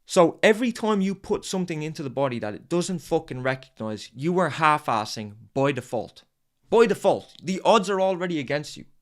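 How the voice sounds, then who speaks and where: A man's voice: a little high, very animated, a little fast. A man hosting a podcast, delivering an intense, profane motivational monologue. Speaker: podcast host.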